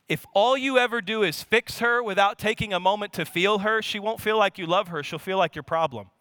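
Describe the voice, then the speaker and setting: A man in his thirties, from Louisiana and with a Louisiana accent, preaching an animated sermon. He repeats his points and throws rhetorical questions at the congregation. His voice sits high and bright, and it is recorded dry and close. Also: no echo. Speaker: pastor.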